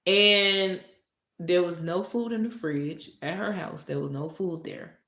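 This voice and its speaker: A woman's voice: fairly low pitch, slow pace. A woman telling a story casually, cursing freely and acting out a heated argument. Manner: profane, animated retelling that acts out heated arguments. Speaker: storytime vlogger. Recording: roomy echo.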